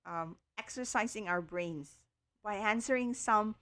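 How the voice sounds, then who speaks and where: Slow, careful woman tutor. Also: medium pitch, a bit bright. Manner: slow, careful explaining with frequent okays and ums. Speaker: online tutor. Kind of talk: livestream lesson.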